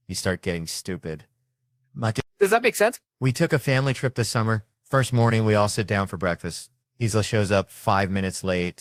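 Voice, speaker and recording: A man's voice: deep voice, no room sound. A middle-aged man doing a stand-up comedy set, telling brash, profane family stories and acting out the quotes.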